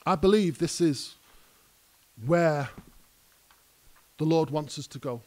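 A man's voice: a little high, slow pace, mellow. A male pastor preaching a conversational sermon that rises to emphatic peaks. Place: church hall.

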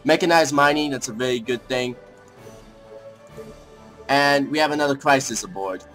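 A young man casually commenting on a strategy game as he plays, thinking aloud, rambling and breaking into excited outbursts, with faint music behind him. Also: medium pitch, moderate pace. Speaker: let's play gamer.

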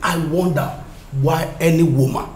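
An actor playing a stern middle-aged school authority figure, speaking Nigerian English in a lecturing tone. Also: male voice, fairly high pitch, fairly even intonation, normal speed, darkish tone, a little hiss or hum, natural voice. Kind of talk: film drama acting.

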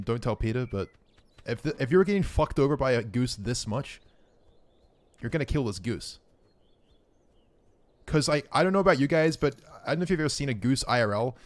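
A man streaming a game live, giving excitable, profane running commentary and talking to his chat. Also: medium pitch.

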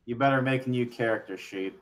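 A man in casual gaming banter with friends. He delivers his teasing jokes in a dry, low-key way, at a middling pitch for a man. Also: fairly quick. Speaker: gamer.

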